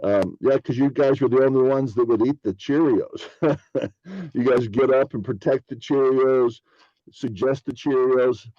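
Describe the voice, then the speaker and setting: A man's voice: medium pitch, measured pace, warm tone, no echo, lo-fi sound. A man hosting a podcast, rambling through a casual spiritual monologue and acting out imagined dialogues in a raised voice. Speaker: podcast host.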